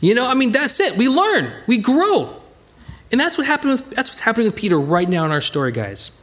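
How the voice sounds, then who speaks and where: A man teaching a casual Bible study, who talks in a lively way and acts out the people in the story. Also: extremely high pitch, brisk. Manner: animated, acts out voices of the characters.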